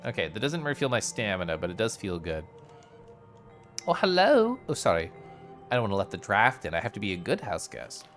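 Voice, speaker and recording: A man's voice: fairly low pitch, wildly swooping pitch, a little fast, fairly bright tone, soft background music. A young man chatting casually while streaming a game, rambling and full of asides. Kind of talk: casual gameplay commentary.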